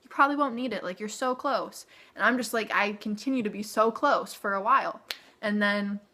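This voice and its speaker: A woman's voice: medium pitch, a little fast, pushed and bright. A young woman telling a personal story to camera in a chatty way, with lots of "like" and "okay?" asides. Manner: chatty, frequent "like" and "okay?" tag questions. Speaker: vlogger.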